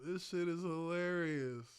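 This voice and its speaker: A man in his thirties giving casual live-stream commentary, excitable and hyped, laughing often. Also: fairly high pitch, clear, resonant tone.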